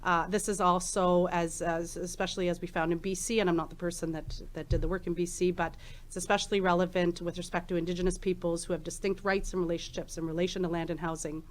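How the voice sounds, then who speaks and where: Quick-paced and level in tone, a woman in her forties with a lowish voice presents her research at a conference. Her talk is chatty and informal, peppered with ums and restarts, and she uses a handheld mic in a conference room.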